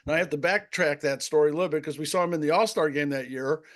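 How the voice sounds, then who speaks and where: A man who once umpired ball games, spinning yarns in easy conversation. His voice sits a bit high for a man, and he throws himself into the people he quotes, swinging his pitch up and down. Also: quick pace. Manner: animated, acts out quotes with big pitch jumps. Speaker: retired baseball umpire. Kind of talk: casual storytelling chat.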